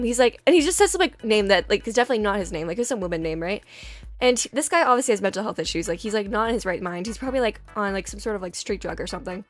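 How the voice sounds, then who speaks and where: Fast, chatty young woman storyteller. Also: a little high, dry recording. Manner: chatty, animated, filler-heavy. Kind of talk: casual storytime.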